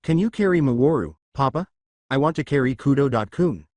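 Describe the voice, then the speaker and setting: A man's voice: expressive, moderate pace, darkish tone, no room sound, close to an everyday voice. A man voicing a dramatic male lizard who acts girly, whiny and wailing, in a narrated fan story. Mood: coy. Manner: whiny, wailing, high-strung.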